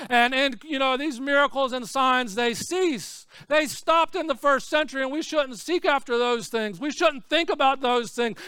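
Pastor, male, very high bright voice, dry close sound; preaches in swings from hush to shout. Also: smooth, no room sound. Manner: swings between hushed, low asides and shouted, repetitive preaching. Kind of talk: sermon.

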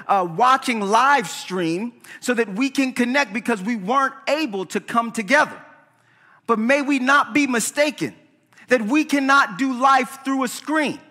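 High-voiced preacher in a reverberant hall. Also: male voice. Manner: animated preaching, asks "right?" often. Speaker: pastor. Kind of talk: sermon. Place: church sanctuary.

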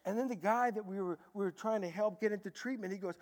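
High-voiced male pastor in a reverberant hall. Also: quick pace, hardly any pauses. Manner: animated storytelling, swinging from loud bursts to hushed tones. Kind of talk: sermon.

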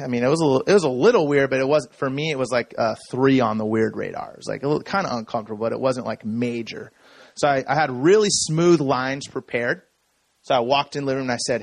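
A man telling a personal story from the stage in a relaxed, conversational way, checking in with the audience as he goes. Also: medium pitch, a little fast, creaky. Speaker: speaker. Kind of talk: conference talk.

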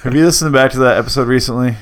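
A man's voice: mid-range voice, rapid-fire. A young man co-hosting a podcast in casual late-night chat, joking crudely and drawling lazily on purpose. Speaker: podcast co-host.

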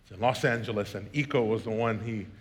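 In a church sanctuary with long hall reverb, a pastor in his thirties preaches fast in a lowish voice. He tells jokey family stories, then builds toward emphatic preaching.

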